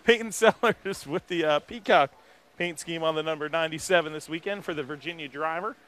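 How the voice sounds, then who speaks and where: A man hosting a live walk-around in an outdoor race garage, talking into a handheld mic in an energetic, rambling way. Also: fairly high pitch, brisk. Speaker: garage reporter host. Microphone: handheld microphone.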